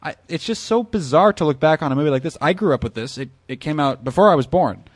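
A man's voice: fairly high pitch, expressive, quick pace, no echo. A man co-hosting a movie podcast, dropping dry, sarcastic quips into casual commentary. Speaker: podcast co-host.

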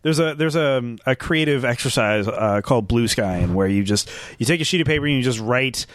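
A married man chatting casually about a movie, relaxed and explanatory. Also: medium pitch, brisk, no room sound, studio quality. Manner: relaxed, explanatory, with some restarts.

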